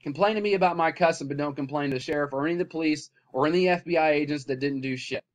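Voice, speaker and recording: A man with a slightly high voice delivers an impassioned rant straight to his own camera. He swings from loud, heated outbursts down to low, weary muttering, profanity and all. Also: racing. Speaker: vlogger.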